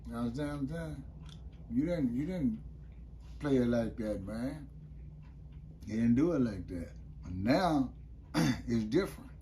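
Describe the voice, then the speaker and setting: A man's voice: medium pitch, lively intonation, a little slow, long pauses, warm tone, slight background noise. An older man, telling about his time in prison in a loose, rambling way and often asking "you know what I mean". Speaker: interview guest, former prisoner. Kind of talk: casual storytelling interview.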